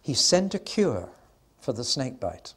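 Preaching a Bible lesson in sermon style, an older man tells the story emphatically, slowing and pressing on key moments for weight. His mid-range voice is a bit bright with a breathy edge, and his pitch swings widely.

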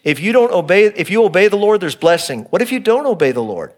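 A pastor preaching in a fairly high male voice, middle-aged and earnest. He moves between emphatic points and quiet, hushed stretches as he explains a text. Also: very animated, quick pace. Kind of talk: expository sermon.

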